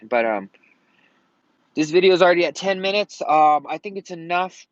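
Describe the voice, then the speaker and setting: A frustrated man rambles to camera in a slightly high, lively voice, swearing freely as he vents. The sound is dry and close, with a dull, lo-fi quality. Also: normal speed, no echo. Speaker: vlogger. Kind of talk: casual rant to camera. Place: at home in Colorado.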